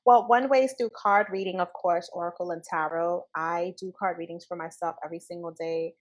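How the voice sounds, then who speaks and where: A woman's voice: lowish voice, fairly even intonation, fairly quick, poor audio. A woman guest speaking earnestly in a spiritual interview, stressing her points by repeating key phrases. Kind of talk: casual spiritual conversation.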